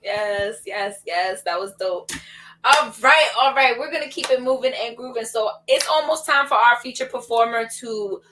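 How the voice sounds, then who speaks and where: A woman's voice: fairly high pitch, moderate pace, pushed and bright, a little hiss or hum, low-quality recording. A woman co-hosting a virtual open mic over a video call, upbeat and teasing as she keeps the show moving. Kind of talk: casual live-stream hosting.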